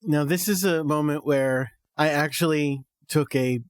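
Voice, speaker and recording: A man's voice: a little high, a little slow, clear, resonant tone, no echo, clean studio sound. A man co-hosting a casual fan podcast, laughing often and acting out characters' lines as he talks. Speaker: podcast co-host.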